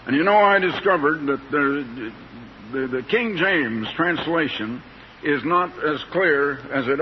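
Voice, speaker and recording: An older man preaching a sermon in a slow, plain-spoken, folksy way, stretching out words for emphasis. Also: medium pitch. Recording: dull lo-fi tape with faint hiss.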